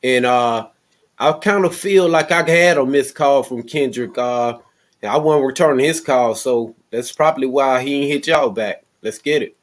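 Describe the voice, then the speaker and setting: A relaxed man introduces himself on a live online panel, with a joking, easygoing delivery. His voice sits at a mid pitch. He speaks over a video call. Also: moderate pace. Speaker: producer, panelist. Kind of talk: casual panel chat.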